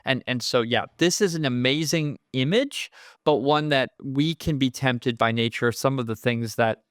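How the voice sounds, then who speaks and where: A man's voice: medium pitch, normal speed, a bit bright, no echo, studio quality. A man leading a conversational Bible study, earnest and explanatory, often repeating words as he works out a thought.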